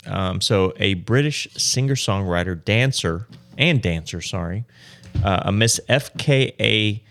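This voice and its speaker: A man's voice: lowish voice, vocal fry, fairly bright tone. A man co-hosting a podcast, telling stories with dry, wry humor in casual chat. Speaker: podcast co-host.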